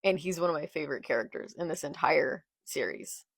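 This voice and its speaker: Gravelly-voiced young woman reacting emotionally. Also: sits low, very animated, a little fast, dry recording, clean studio sound. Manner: emotional, swings from murmured reading to anguished outbursts. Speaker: manga reaction creator. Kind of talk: live reading reaction.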